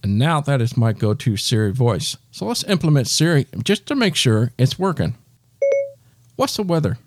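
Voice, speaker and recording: A man with a medium-pitched, very animated voice hosts a step-by-step tech tutorial at normal speed, patiently walking the listener through each gesture. The studio-quality recording has no room sound.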